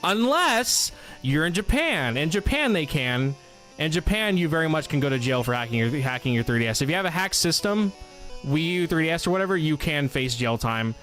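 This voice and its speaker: A man's voice: a little high, lively intonation, fairly quick, a bit bright, faint music behind. Profane rambling young man streaming a game. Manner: rambling, profane storytelling, venting. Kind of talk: casual live-stream chat over gameplay.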